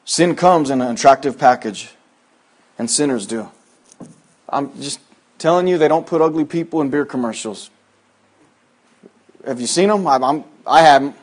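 High-voiced man preaching. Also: moderate pace, long pauses. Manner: swings from soft and low to loud, high exhortation; conversational, folksy preaching with asides. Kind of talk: sermon.

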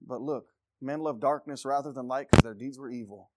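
A man preaching a sermon with passion, swinging from loud exhortation to low intensity and repeating phrases for emphasis. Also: fairly quick, no echo.

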